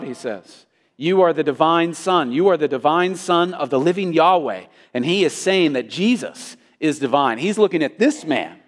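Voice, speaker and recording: A male pastor preaching an emphatic sermon, with his intensity rising and falling. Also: on the high side. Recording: long hall reverb.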